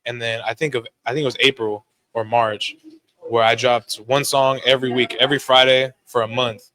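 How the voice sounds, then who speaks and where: A young man, a guest musician, telling stories on a podcast in a quick, animated way and often checking in with "right?". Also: mid-range voice, poor audio. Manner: fast, animated storytelling with frequent "right?" tags. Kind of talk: casual podcast chat. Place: live-streamed podcast studio.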